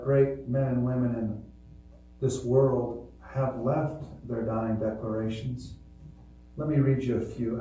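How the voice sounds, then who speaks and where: A man preaching a sermon as pastor, earnest and swelling louder on key points. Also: mid-range voice. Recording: echoey hall, voice from far off.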